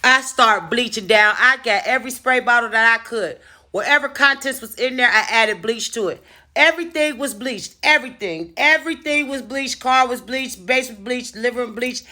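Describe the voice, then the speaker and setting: A woman telling a personal story to camera in a casual vlog, animated and freely cursing. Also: fairly high pitch, normal speed. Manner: animated, profane, dramatic storyteller. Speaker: storytime vlogger.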